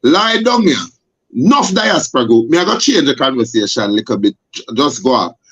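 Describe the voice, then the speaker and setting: A man with a Jamaican accent, a guest on a talk show, arguing forcefully and firing off rhetorical questions. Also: medium pitch, very animated, fairly quick, husky. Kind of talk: impassioned talk show discussion. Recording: dull lo-fi audio.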